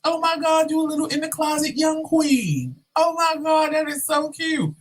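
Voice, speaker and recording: A man voicing a flamboyant older gay male coworker who teases in a sassy, drawn-out way. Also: very high-pitched, lively intonation, pitched above the performer's own voice. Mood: teasing. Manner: sassy, teasing, drawn-out exclamations.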